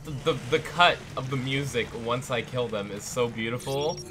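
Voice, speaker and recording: A man's voice: medium pitch, normal speed, noisy background. A young man giving jokey, playful commentary on a video game as he plays. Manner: jokey, playful, hums silly tunes. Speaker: gameplay commentator. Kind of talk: casual let's-play chat. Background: game music.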